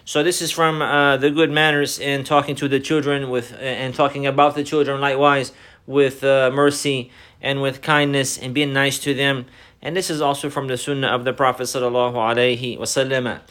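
A man's voice: medium pitch, little pitch movement, a bit bright. Man giving a repetitive religious lesson. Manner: repeats key phrases, deliberate explanatory delivery; mixes Arabic phrases into English. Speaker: Islamic teacher.

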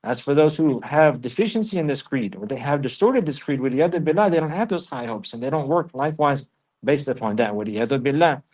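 An Islamic teacher with a slightly mellow, mid-range male voice speaks quickly and with lively intonation. He recites Arabic verses, then explains them in English, frequently repeating phrases for emphasis.

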